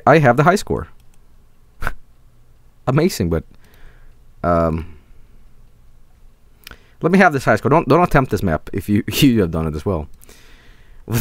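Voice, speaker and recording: A Swedish-accented man commenting live on a game he is streaming, swearing freely and laughing a lot. His pitch jumps all over the place, and the sound is dry and close with no room echo. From Sweden. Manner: excitable, profane, laughs often.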